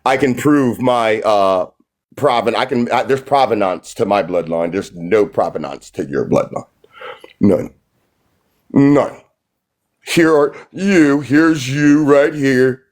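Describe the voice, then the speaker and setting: A man's voice: medium pitch, takes it slowly. A man hosting a live stream, arguing in a confrontational, mocking way and repeating his phrases. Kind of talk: heated live-stream argument.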